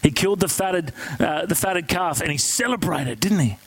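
A man preaching a sermon, telling a story in an animated, conversational way and asking the congregation questions. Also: on the high side, moderate pace, breathy edge, dry recording, poor audio.

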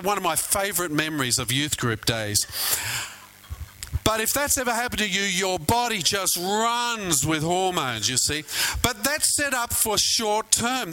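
Bright-voiced pastor preaching. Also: male voice, sits high, low-quality recording. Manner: storytelling, conversational, asks the congregation questions. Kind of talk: sermon.

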